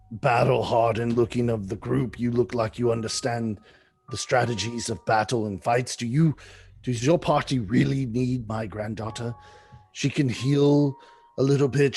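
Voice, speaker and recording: A man doing an anxious old grandfather who pleads slowly and gets louder as his worry grows. His voice sits a little higher than usual and carries a faint wash of background music. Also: steady tone, gravelly. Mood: pleading. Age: older. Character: worried old grandfather, protective and grieving.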